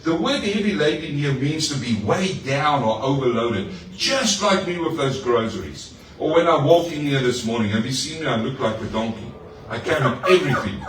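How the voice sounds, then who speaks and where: Brief: male pastor mid-sermon, animated and chatty, heard from a distance in a roomy church hall with faint room noise. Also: medium pitch, normal speed. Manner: lively preaching with playful asides to the congregation. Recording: echoey hall, mic far off.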